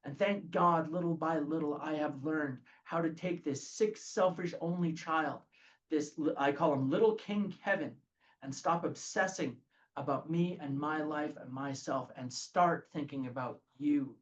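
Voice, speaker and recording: A man leading a recovery group study in a lively talk, often checking in with "okay?". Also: fairly high pitch, a little slow, lo-fi sound. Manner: animated, says "okay?" often.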